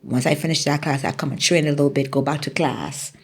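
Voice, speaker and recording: A woman's voice: sits low, steady tone, quick pace, slightly rough. A middle-aged woman from the Bahamas with a Bahamian accent, a former track athlete telling her story in an interview, acting out quotes animatedly.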